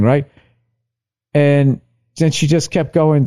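A middle-aged man, a stand-up comedian, telling a story casually on a podcast, profane and animated as he acts out both sides of an argument. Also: a little high, a little slow, pauses often.

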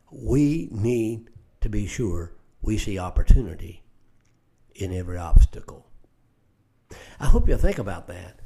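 Older guy preaching, earnest, restarts words a lot, mid pitch. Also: warm tone. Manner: earnest, repeats words when starting phrases. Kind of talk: radio Bible teaching.

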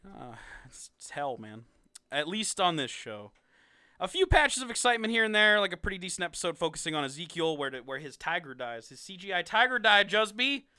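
A young man co-hosting a podcast, reviewing a ranked list of TV seasons in a sarcastic, animated way with frequent laughs. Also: high-pitched, a little fast, smooth, no echo. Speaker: podcast co-host. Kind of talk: casual ranking review chat.

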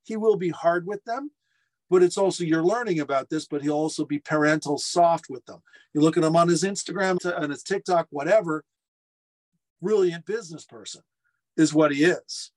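Middle-aged man, lively anecdotal storyteller, restaurateur guest, fairly high pitch, video call. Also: normal speed. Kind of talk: casual storytelling interview. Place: home furnace room.

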